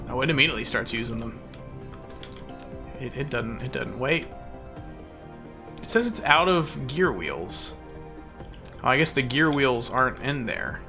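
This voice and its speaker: A man's voice: medium pitch, pushed and bright. A young man streaming a game, rambling in casual, goofy, self-mocking chatter.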